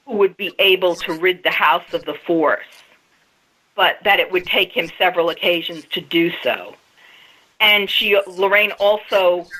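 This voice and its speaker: A woman's voice: fairly low pitch, pushed and bright, rough recording. A woman guest on a radio interview, telling a story step by step in a casual way. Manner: storytelling, recounting events step by step.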